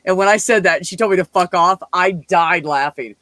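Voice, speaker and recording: A man in casual chat with a co-host, telling animated stories and swearing freely. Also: high voice, normal speed, no echo. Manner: animated storyteller, swears freely, acts out quotes. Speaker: podcast co-host; medical office worker.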